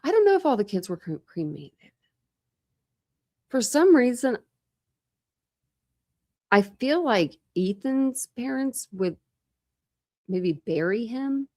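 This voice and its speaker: A woman's voice: on the high side, sing-song, slow pace, pauses often, darkish tone. A woman hosting a true crime livestream, chatting casually and rambling with lots of fillers. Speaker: true crime channel host.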